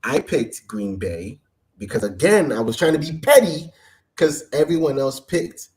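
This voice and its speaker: A man's voice: mid-range voice, lively intonation, measured pace, a little mellow. A man co-hosting a casual sports talk show, joking as he pushes the show along over a home mic. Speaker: co-host.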